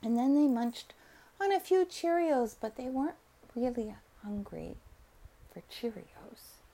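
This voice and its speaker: A woman reading a bedtime story aloud in a soft, unhurried voice that sometimes sinks into a whisper. Her pitch sits a bit high and rises and falls widely, with a gravelly fry at the ends of phrases. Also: lively intonation. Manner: soft and slow, dropping to whispers.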